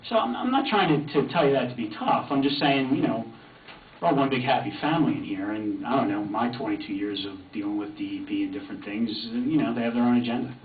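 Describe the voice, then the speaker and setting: A man's voice: mid-range voice, fast. A middle-aged man speaking as an insurance representative at a township meeting, hedging with plenty of fillers. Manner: hesitant, lots of hedging fillers. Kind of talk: public meeting discussion. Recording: distant, echoey, tinny, noisy.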